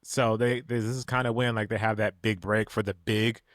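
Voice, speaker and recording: A man's voice: fairly low pitch, fairly even intonation, normal speed, no echo. Middle-aged guy on a podcast, easygoing and self-mocking, dry close mic. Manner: joking, self-deprecating. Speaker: podcast co-host. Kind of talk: casual chat.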